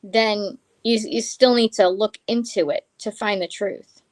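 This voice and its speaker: A woman guest on a live stream, talking earnestly and a little haltingly about her beliefs. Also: medium pitch, fairly even intonation, dry recording. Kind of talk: casual live-stream chat.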